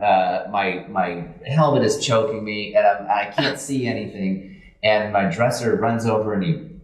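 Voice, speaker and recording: A man telling lively stories as a guest on a convention panel, acting out the lines of the people he quotes. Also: lowish voice. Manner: animated anecdotes, acts out quotes. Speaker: guest, suit performer. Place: convention hall room. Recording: echoey convention room.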